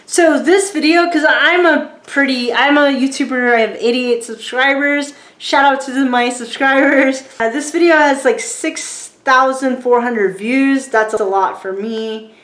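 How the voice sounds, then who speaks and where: A woman in her forties with a light Southern American accent talks to camera with a slightly high pitch. She rambles casually, restarting her sentences and filling pauses with ums and likes. Her voice rings in a noticeably echoey room. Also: fairly bright tone. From rural Virginia, USA. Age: 40s. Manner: rambling, chatty, lots of restarts and fillers. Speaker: YouTuber. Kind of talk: casual talking-to-camera book review.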